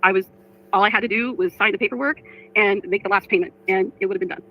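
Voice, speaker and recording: A woman's voice: medium pitch, steady tone, fast, slight background noise. A woman livestreamer talking casually to her chat, frustrated, reading comments aloud. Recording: dull lo-fi stream audio.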